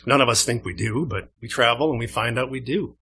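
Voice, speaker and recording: A Canadian man delivering a sermon in a church, talking with his listeners more than at them. His voice has a bright, forward edge, sitting at an ordinary pitch for a man. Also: brisk, slightly rough. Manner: conversational preaching, asks the congregation questions. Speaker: pastor.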